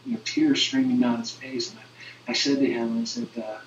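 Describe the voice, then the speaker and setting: A man's voice: medium pitch, fairly even intonation. A man moderating a webinar who talks earnestly and often restarts his sentences while telling stories. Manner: earnest, halting with frequent restarts. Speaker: webinar moderator and youth minister. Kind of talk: conversational storytelling. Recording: distant, roomy, dull lo-fi webinar audio.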